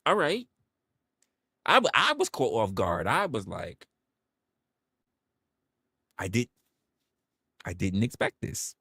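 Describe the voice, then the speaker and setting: A young man hosting a livestream, telling a story in a candid, profane, animated way. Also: on the low side, slow, long pauses, slightly rough, dry recording, clean studio sound. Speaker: livestream host.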